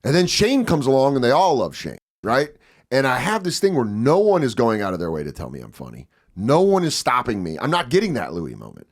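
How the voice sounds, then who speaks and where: A man in his thirties, a comedian guest on a podcast, talking casually in a profane, animated way and acting out the people he quotes. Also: mid-range voice, fairly quick. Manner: profane, animated storyteller who acts out quotes.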